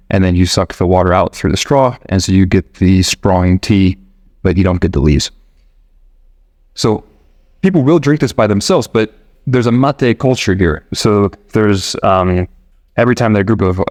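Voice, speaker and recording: A man from the United States hosting a podcast, talking in a relaxed, rambling way with restarts and quoted asides. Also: on the low side, no room sound, clean studio sound. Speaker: podcast host. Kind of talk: casual explanatory monologue. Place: living abroad in Argentina.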